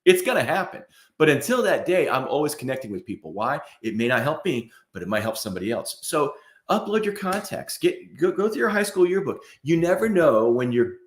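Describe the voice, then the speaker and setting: A man's voice: a little high, big pitch swings, a little fast, roomy sound. A man co-hosting a podcast in casual chat, talking emphatically and asking rhetorical questions. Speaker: podcast co-host.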